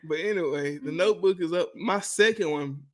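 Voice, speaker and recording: A young man co-hosting a podcast in casual chat, an animated storyteller who acts out voices and laughs a lot. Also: a little high, normal speed. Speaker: podcast co-host.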